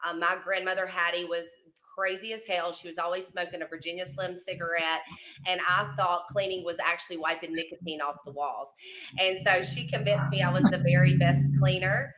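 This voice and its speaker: Southern-accented woman, bright chatty voice. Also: fairly low pitch, fairly even intonation, moderate pace, a little hiss or hum. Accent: Southern US, Mississippi. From Southwest Mississippi. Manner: chatty, warm storytelling with fillers. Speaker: cleaning company owner, guest. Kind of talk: casual panel chat.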